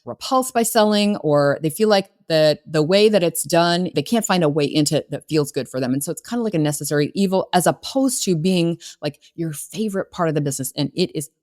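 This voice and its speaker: A woman's voice: deep voice, a little fast, few pauses, darkish tone. A middle-aged woman coaching on sales, talking in an earnest, conversational way with many fillers and restarts. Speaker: business coach. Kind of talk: solo podcast talk.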